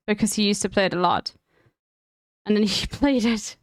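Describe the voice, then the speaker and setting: A woman's voice: mid-range voice, fairly even intonation, brisk, clean tone, no room sound, clean studio sound. A woman chatting casually on her stream, rambling and emphatic with plenty of swearing.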